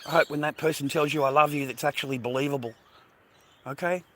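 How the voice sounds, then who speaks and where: A man's voice: a little high, steady tone, fast, slight background noise. A middle-aged Australian man rambling in a casual, profane monologue to camera outdoors by the water. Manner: profane, rambling, slangy, repeats himself. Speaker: vlogger.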